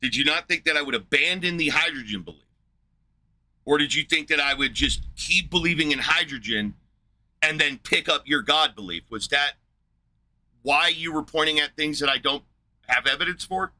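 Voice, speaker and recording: On his livestream, a man rants hotly at a chat participant who has frustrated him, hammering them with quick, swearing, combative questions. His voice sits on the high side, expressive and sharp in tone.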